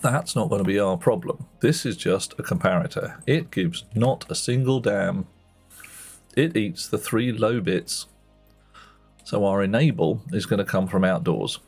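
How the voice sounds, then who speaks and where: A man's voice: on the low side, unhurried, darkish tone, slightly rough, soft background music. A man giving chatty, self-mocking commentary while playing a game on a live stream, muttering asides to himself.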